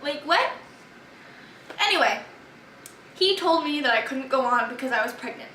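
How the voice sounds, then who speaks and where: A woman's voice: high-pitched, expressive, moderate pace, pushed and bright, a little hiss or hum. A teenage girl telling a chatty, exasperated storytime about her day out, filmed by a friend. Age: teens. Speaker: vlogger. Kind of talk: storytime vlog. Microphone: camera held by a friend. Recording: echoey room from far off.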